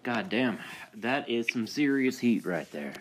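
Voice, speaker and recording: A man's voice: medium pitch, expressive, measured pace. A man in casual chat, reacting with short surprised remarks and questions.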